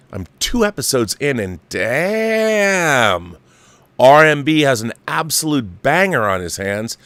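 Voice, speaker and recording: A man's voice: mid-range voice, a bit bright, no echo. A man hosting a show, casually reading a viewer's letter aloud and breaking in with his own asides. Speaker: host reading viewer mail. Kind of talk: casual chat.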